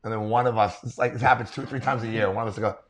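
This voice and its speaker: A man, a comedian guest telling profane, excitable stories in casual chat. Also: lowish voice, rapid-fire. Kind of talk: casual storytelling.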